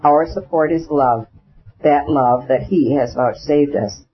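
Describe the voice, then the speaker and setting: A man's voice: a little high, takes it slowly, slightly rough. A man reading as a rapturous pious countess. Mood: fervent. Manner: gushing, rapturous and consoling. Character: fervent pious middle-aged countess. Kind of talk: audiobook character reading. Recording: dull lo-fi recording.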